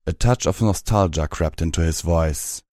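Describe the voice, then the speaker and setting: A man narrating an audiobook story in a steady, measured reading voice. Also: deep voice, no room sound, clean studio sound.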